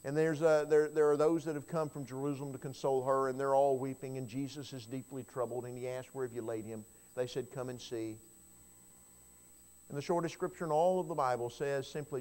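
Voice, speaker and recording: A man preaching in a church, voice of middle pitch. He tells the story with a lot of build, dropping low and quiet, then climbing to loud, ringing cries. He repeats a word or two as he gets going. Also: fairly even intonation, brisk. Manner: storytelling sermon with wide swings in loudness, rising to cries; repeats words when starting a phrase. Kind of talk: sermon.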